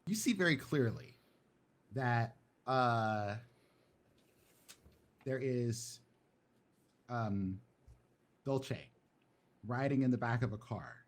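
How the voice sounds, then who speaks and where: Husky guy running the game, laid back, ums and uhs, medium pitch. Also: expressive, slow, pauses often. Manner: casual, with fillers. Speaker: game master. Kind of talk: narrating a tabletop game.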